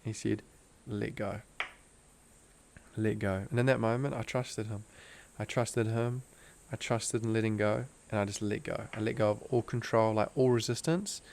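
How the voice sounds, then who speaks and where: A man's voice: on the low side, little pitch movement, normal speed, gravelly, hardly any pauses, a little mellow. A young man, a podcast guest, telling a personal story in an earnest, intense way, full of "like" fillers. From Australia. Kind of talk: casual storytelling interview.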